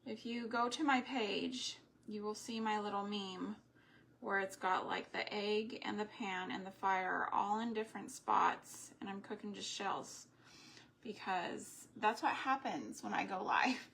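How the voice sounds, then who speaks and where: A woman's voice: medium pitch, steady tone, a little slow, creaky, a bit bright, slight background noise. A woman hosting a live crafting stream, chatting in long rambling asides while she works with her hands. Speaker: homesteading craft host.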